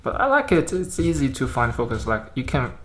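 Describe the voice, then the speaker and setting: A man doing a casual unboxing vlog about camera gear, chatting in a halting way and thinking aloud as he handles the lens. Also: medium pitch, huge pitch swings, background noise. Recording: roomy echo.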